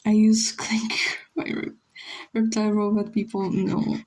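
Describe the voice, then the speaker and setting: Slow, husky young woman streamer. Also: medium pitch, level tone, darkish tone, low-quality recording. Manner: rambling, teasing, switching into Spanish. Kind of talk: casual livestream chat while drawing.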